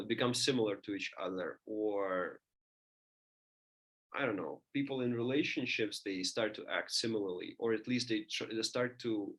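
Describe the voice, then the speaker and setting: Man lecturing, halting and thoughtful. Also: medium pitch, a bit bright. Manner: thinking aloud, many restarts and fillers. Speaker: teacher.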